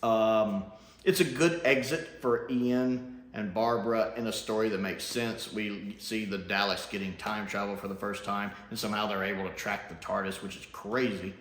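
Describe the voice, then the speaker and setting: A man giving a casual, profane review rant as a YouTube reviewer, swinging between scorn and delight. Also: on the low side. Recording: roomy room echo.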